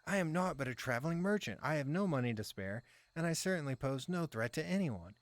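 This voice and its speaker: A man's voice: moderate pace, no room sound, close to an everyday voice. A man voicing an indignant, stubborn male traveling merchant who protests shrilly in a game's dialogue. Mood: outraged. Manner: shrill, arm-waving protest.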